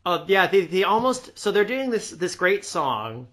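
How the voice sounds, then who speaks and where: A man co-hosting a casual film discussion, talking with enthusiasm and slipping into quick quoted voices. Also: high-pitched, big pitch swings, a bit bright. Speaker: podcast co-host.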